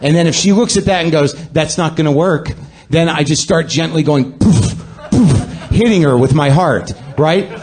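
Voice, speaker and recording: A man's voice: on the high side, moderate pace, a little mellow. Sardonic man ranting through a comic monologue. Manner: sardonic, ranting, self-deprecating. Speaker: podcast host. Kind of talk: comedic monologue before a live audience.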